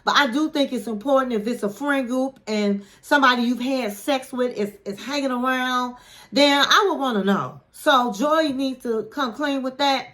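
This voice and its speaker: A woman host casually recapping a reality show episode, chatty and animated, calling the viewer honey and acting out what people said. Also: high voice, normal speed. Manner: chatty, animated retelling with quoted voices, says "honey".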